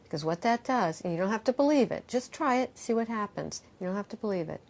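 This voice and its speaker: A middle-aged woman, a yoga teacher and author, talks in an interview in a lively, expressive way, acting out quoted voices and guiding breathing exercises. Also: mid-range voice, quick pace. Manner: animated, acts out quoted voices, guides breathing.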